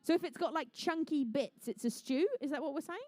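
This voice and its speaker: Bubbly high-voiced New woman commentator. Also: fairly quick, a little mellow, no echo. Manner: bubbly, jokey, enthusiastic. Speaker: event commentator and MC. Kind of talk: live competition commentary with playful banter.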